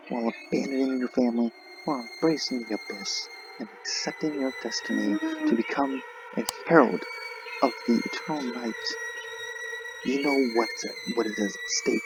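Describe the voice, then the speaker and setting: A man voicing a sinister male vampire interrogator, speaking slowly and theatrically, dropping to whispers and swelling again. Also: mid-range voice. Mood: menacing. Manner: slow, theatrical, swinging between whispers and swells. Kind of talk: reading game dialogue aloud in character.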